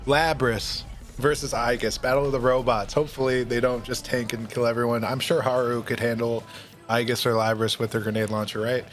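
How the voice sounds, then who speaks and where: Young male video host, mid-pitched and excitable, casual banter over faint music. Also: brisk. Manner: laughing, loose and excitable, swears. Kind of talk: casual commentary, reading a story aloud.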